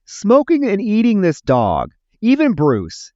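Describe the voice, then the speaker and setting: Animated man retelling a horror film. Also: medium pitch, moderate pace, no room sound, muffled recording. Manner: animated retelling, acting out film lines, swears. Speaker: podcast co-host. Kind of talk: casual movie review chat.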